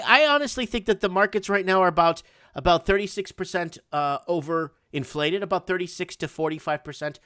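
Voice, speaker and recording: A man with a high voice hosts a casual conversation. He rambles in a loose, slangy way and often trails off mid-thought. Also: fairly bright tone, clear, resonant tone. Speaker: host. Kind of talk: casual chat.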